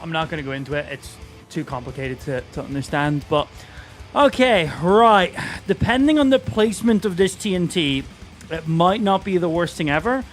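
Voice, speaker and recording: A man live-streaming a video game, chatting casually about what he is doing and swearing freely when things go wrong. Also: high-pitched. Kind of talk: live gameplay stream commentary.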